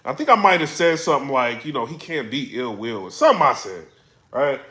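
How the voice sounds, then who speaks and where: A man blogging about the battle rap scene in a casual commentary vlog, telling stories in a slangy, animated way. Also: medium pitch, a little fast, reverberant.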